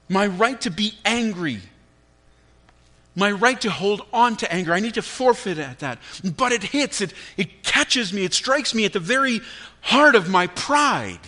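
In this sermon, a pastor in middle age speaks with a bright, high-pitched voice full of rises and dips. He animatedly performs his own pet peeves before dropping into a calm, heartfelt register.

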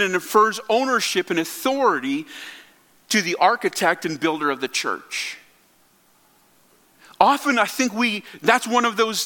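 Bright high-voiced preacher with restarts. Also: male voice. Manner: emphatic, with frequent restarts and repeated words. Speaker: pastor. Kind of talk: sermon.

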